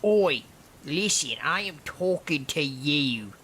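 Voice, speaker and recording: A man voicing a drunk, aggressive young man who taunts and shouts abuse. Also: a little high, animated, slow pace, slight background noise, voice pushed up, heavily acted. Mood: taunting.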